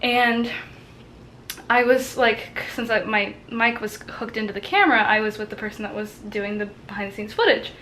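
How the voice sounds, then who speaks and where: A woman's voice: mid-range voice, normal speed, bright, forceful tone, a little hiss or hum, rough recording. A woman in her twenties, a college student, telling a story in a casual, chatty way, with many fillers and acted-out quotes. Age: 20s.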